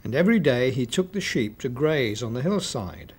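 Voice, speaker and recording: A man narrating a children's story expressively, with dramatic pauses. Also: mid-range voice, expressive, breathy edge.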